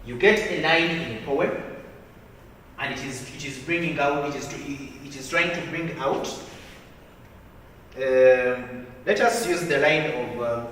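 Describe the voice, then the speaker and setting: Teacher in a big echoey room. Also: male voice, medium pitch, a little slow, a bit bright. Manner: repeats points, checks in with "okay?" and "hmm?". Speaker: literature teacher. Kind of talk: classroom lecture. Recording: echoey hall, distant mic, faint hiss.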